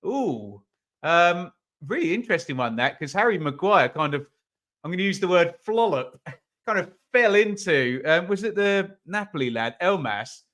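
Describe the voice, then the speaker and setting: A man's voice: high-pitched, very animated, moderate pace, a bit bright. A man running a live football watch-along, chatting casually about the match and reading out viewer comments.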